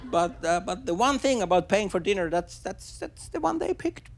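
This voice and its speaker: A man doing a stand-up comedy set on stage before a live audience. He talks haltingly, with many restarts and fillers. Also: sits high, very animated, creaky, background noise. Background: audience laughter.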